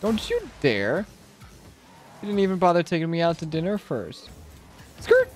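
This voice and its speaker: A young man streaming a car-soccer game, joking and trash-talking, then shouting and squealing at big plays. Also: fairly high pitch, very animated, normal speed, soft background music. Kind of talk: live gaming commentary.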